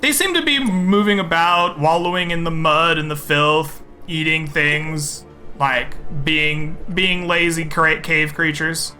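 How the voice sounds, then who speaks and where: A man running a tabletop game as game master, narrating in a relaxed, chatty way with many fillers. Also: fairly high pitch, slow. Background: faint background music.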